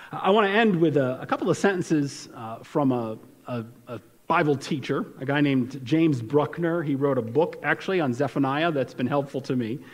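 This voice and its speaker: Male pastor, emphatic preaching, somewhat high-pitched, echoing sanctuary. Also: a little mellow. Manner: earnest, emphatic preaching with frequent restarts. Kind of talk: sermon.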